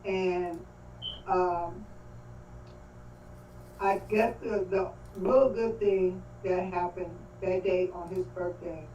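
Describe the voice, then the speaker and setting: Older woman, mellow and halting, devout; distant, roomy, muffled call sound. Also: fairly low pitch, fairly even intonation. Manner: halting, faith-filled, breaks off mid-phrase. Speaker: grieving great-grandmother speaking at a livestream. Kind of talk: emotional testimony on a video call. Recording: echoey, distant, dull call audio with faint noise.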